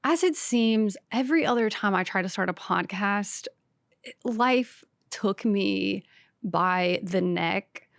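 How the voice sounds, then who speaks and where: A woman's voice: mid-range voice, lively intonation, slow pace, dry recording, studio quality. A woman from the American South with a light Southern accent, a stand-up comedian hosting her own podcast in a brash, sassy, self-mocking solo rant. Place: podcast studio.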